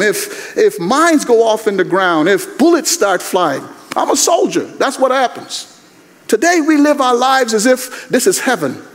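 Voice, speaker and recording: A man preaching a chapel sermon in a voice pitched very high for a man. His delivery is emphatic and conversational, full of rhetorical questions, and the sound echoes around the large hall. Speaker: guest chapel speaker, pastor. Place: university chapel.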